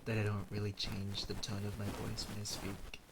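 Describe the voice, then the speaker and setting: A man's voice: lowish voice, monotone, normal speed, background noise. A young man from the Philippines, chatting casually with his stream chat, thinking aloud with lots of fillers.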